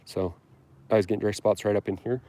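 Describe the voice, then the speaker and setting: Standing on his lawn with a handheld phone camera, a Utah man who livestreams about lawn care talks in a lowish, warm, steady voice at a fast pace, with no echo. The chat is casual and upbeat, rambling with plenty of ums and restarts.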